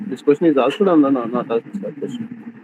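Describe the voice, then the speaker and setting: Halting student man on a noisy call. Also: medium pitch. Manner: halting, broken phrasing. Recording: noisy video call line.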